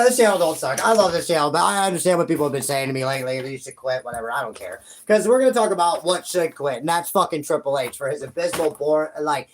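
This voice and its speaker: A man's voice: fairly high pitch, a little hiss or hum. A young man ranting to camera about wrestling, profane and heated, rambling with frequent restarts and asides to his viewers. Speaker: YouTube wrestling commentator. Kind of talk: ranting vlog commentary.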